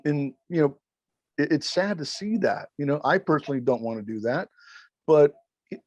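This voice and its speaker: A middle-aged man, a former wrestling referee, telling stories as an interview guest in an animated, rambling way, swearing constantly and acting out quotes. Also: on the high side, no echo. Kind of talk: profane, rambling storytelling.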